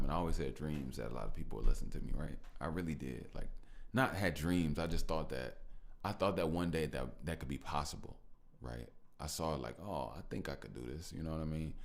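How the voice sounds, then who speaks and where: A man's voice: extremely low pitch, gravelly, darkish tone. A man hosting a podcast on his own, talking to listeners in a reflective, emotional way, often repeating himself and thanking them. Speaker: podcast host. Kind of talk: reflective solo podcast talk.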